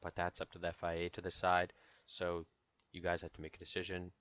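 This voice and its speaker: A man's voice: deep voice, completely flat delivery, fairly quick, fairly bright tone, no room sound. A young man hosting a casual online talk show, loose and joking, with plenty of fillers.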